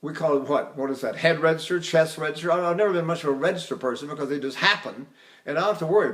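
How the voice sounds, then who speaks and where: An older voice teacher gives a recorded lecture in a rambling, conversational way, occasionally singing short operatic phrases as demonstrations. His voice is fairly high and fairly bright, and he talks at a quick pace.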